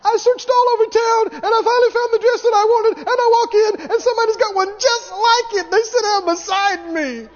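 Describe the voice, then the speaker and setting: A preacher putting on a whiny falsetto churchgoing woman. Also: steady tone, a little fast, few pauses, highs cut off. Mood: aggrieved. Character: fussy vain woman upset over a matching dress.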